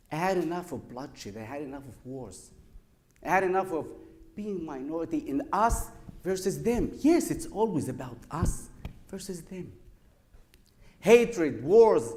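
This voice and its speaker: Measured man telling a story on stage. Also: sits high, darkish tone. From Israel. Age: 30s. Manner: slow, deliberate, with dramatic pauses between phrases. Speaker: public speaker. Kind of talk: prepared storytelling speech. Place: lecture forum before an audience.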